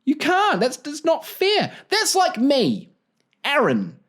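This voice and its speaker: Goofy New podcast host, animated. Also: male voice, very high-pitched, slow pace. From New Zealand. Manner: goofy, rambling, laughs at his own jokes. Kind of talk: casual solo podcast monologue.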